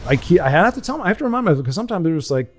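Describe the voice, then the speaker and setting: A man's voice: high voice, big pitch swings, very fast. Rambling folksy man talking over gameplay. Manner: rambling, self-correcting, folksy asides; puts on goofy voices when quoting people. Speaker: gaming channel host. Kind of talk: casual chat over gameplay.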